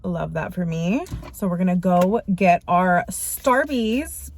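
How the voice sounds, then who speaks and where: A woman's voice: lowish voice, slow pace, slight background noise. A young woman vlogger chatting casually to her viewers in slangy, filler-heavy talk. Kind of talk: casual vlog chat.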